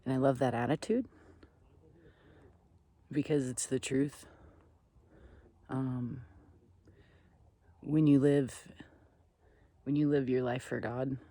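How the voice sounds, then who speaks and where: A man vlogging outdoors at a desert campsite on a ridge, speaking in a slow, earnest, meandering way that sometimes sinks to soft near-whispers. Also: medium pitch. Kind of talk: reflective spiritual vlog talk.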